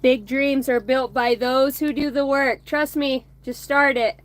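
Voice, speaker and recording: A woman's voice: high voice, fairly even intonation, unhurried. A woman in her thirties hosting a casual card-reading chat on a phone outdoors, rambling, swearing and laughing between remarks. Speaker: oracle card reader streaming to viewers. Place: outdoors by a bonfire at home.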